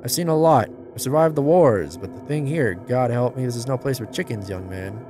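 A man's voice: medium pitch, lively intonation, brisk, music in the background, natural voice. A man doing a bitter old chicken lady. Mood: wary, grieving. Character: suspicious old chicken-keeping woman, fearful and bitter. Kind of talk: reading game dialogue aloud in voices.

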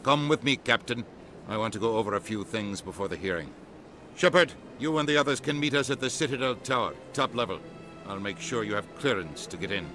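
An actor playing a stern, indignant human ambassador in a game. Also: male voice, lowish voice, lively intonation, a little fast, lightly acted. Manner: sharp, demanding, stern. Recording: game audio over music.

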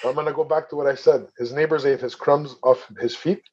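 A man's voice: on the high side, fairly even intonation, fairly quick, darkish tone, highs cut off. A man co-hosting a casual podcast, speaking frankly and reflectively about parents. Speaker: podcast co-host. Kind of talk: casual chat.

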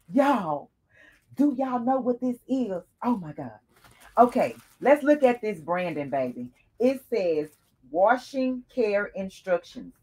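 Slow-talking woman unboxing gifts. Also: medium pitch. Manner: chatty, addresses viewers as y'all, excited exclamations. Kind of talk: casual unboxing vlog.

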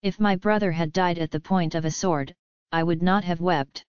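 A woman's voice: fairly low pitch, fairly even intonation, normal speed, smooth, no echo, dull audio, close to an everyday voice. A woman reading as a guilt-ridden young noblewoman. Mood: pleading. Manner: earnest, pleading formal speech.

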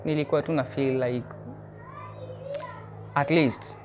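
A young Kenyan man answering interview questions in short, shy, soft-spoken replies. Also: medium pitch, steady tone, a little slow, slight background noise. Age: young adult. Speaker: musician guest.

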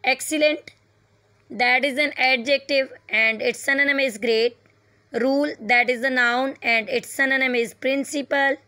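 A woman teacher giving an online English lesson, reading a passage aloud slowly and explaining word meanings with occasional fillers. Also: high voice, fairly even intonation, bright, forceful tone, no echo. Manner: slow, deliberate reading with fillers.

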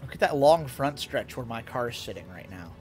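Soft background music plays as a young man streams a racing game as a VTuber, chatting with viewers, answering their messages, and laughing a lot. His mid-range voice is a little mellow, with lively intonation at normal speed.

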